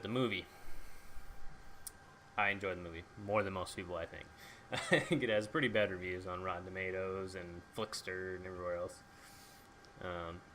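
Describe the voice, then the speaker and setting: A man's voice: sits low, bright, forceful tone, slight background noise. A young man chatting casually about a book and its movie, swearing freely and acting out lines. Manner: acts out characters' lines in quick asides. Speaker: book reviewer.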